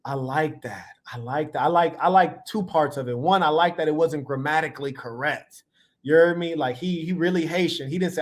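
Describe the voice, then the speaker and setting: A man's voice: on the high side, fairly quick. Playful man commenting on clips. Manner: playful, animated storytelling with slang. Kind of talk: casual reaction commentary.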